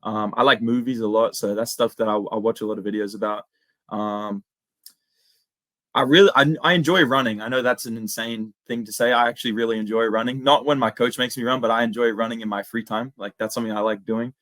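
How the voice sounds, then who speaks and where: A young Australian man chatting casually as an interview guest, slangy and relaxed, full of "dude" and "man". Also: medium pitch, fairly quick, dry recording. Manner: laid-back, slangy, lots of "dude" and "man". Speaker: guest, MMA impressionist.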